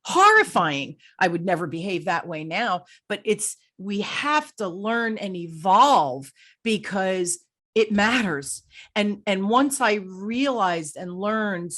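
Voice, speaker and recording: A woman's voice: medium pitch, expressive, slow, a bit bright. A middle-aged woman hosting an interview show, telling a candid story and acting out her own thoughts. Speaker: podcast host. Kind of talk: conversational interview.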